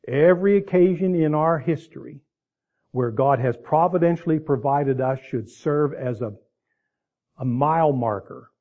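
A man's voice: mid-range voice, narrow, tinny audio. A man preaching a sermon in a conversational way, with asides and restarts, ending in prayer. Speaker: pastor.

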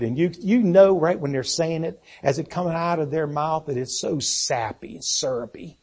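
Husky male preacher. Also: fairly high pitch, moderate pace, few pauses, a little mellow. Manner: reads scripture aloud, repeats key words for emphasis. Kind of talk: sermon.

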